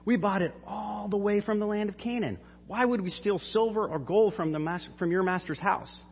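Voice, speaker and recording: Brothers protesting innocence, raised pitch, a preacher voicing them, muffled hall sound. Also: male voice, moderate pace, creaky, husky, exaggerated voice. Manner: indignant, protesting. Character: alarmed group of male brothers protesting innocence. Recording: dull hall reverb.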